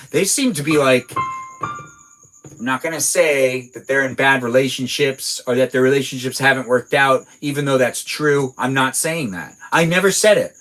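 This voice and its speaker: A man's voice: medium pitch, fairly bright tone, poor audio. A man hosting a casual livestream from his garage, chatting in a rambling, playful way as he answers viewer messages aloud. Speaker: livestream host reading viewer chat. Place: home garage.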